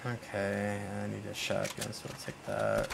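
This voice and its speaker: A man's voice: fairly low pitch, very animated, a little slow, vocal fry, background noise. A man streaming a video game, chatting casually and laughing often. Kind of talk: casual gameplay chat.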